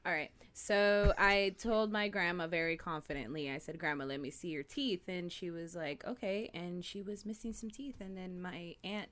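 Dramatic storytelling woman, lowish voice. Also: moderate pace, hardly any pauses. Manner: dramatic, animated storyteller who acts out the people in her stories. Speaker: co-host. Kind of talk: casual podcast chat.

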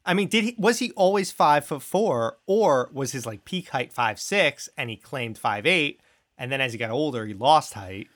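A man's voice: mid-range voice, lively intonation, normal speed, fairly bright tone. A man co-hosting a podcast, joking in a casual, mock-serious way. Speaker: podcast co-host. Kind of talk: casual comedic chat.

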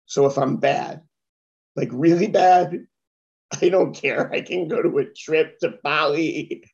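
A woman's voice: low voice, slow pace, creaky, a little mellow, lo-fi sound, exaggerated voice. A man doing a careless, flippant actress. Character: an actress shrugging off a bad role for pay.

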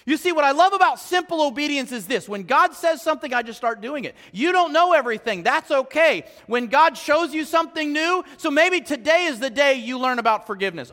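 Preaching to his congregation in a sanctuary with long hall reverb, a pastor with a strikingly high, bright voice talks conversationally and fairly quickly, with lively intonation. He fires rhetorical questions and shifts between loud emphasis and quiet, low asides.

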